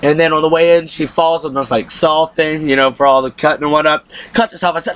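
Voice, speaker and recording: A man casually recapping a TV episode, excitable and acting out the characters' lines. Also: on the high side, a little fast, hardly any pauses, smooth. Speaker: TV show reviewer.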